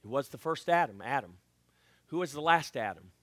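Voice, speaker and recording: A man preaching a sermon as pastor, swinging from loud proclaiming to hushed near-whisper and acting out Bible voices with playful asides. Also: mid-range voice, lively intonation, normal speed, no echo.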